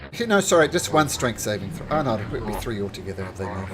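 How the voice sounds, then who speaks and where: A man running a tabletop game as game master, narrating animatedly with chuckles and quick self-corrections. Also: fairly low pitch, very animated, a crowd in the background.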